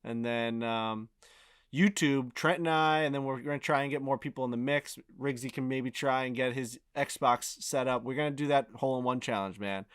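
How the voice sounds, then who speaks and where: A man's voice: medium pitch, moderate pace, clean tone, no room sound. A man co-hosting a podcast, chatting loosely and swearing freely as he tells stories. The sound is close and dry with no room around it. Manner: animated storytelling, heavy swearing. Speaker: podcast co-host. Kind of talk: casual chat.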